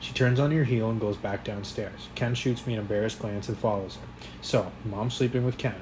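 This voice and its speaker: Low-voiced man reading a novel aloud. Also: background noise. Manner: quiet, measured, occasional slips. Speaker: audiobook reader. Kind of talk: first-person novel narration.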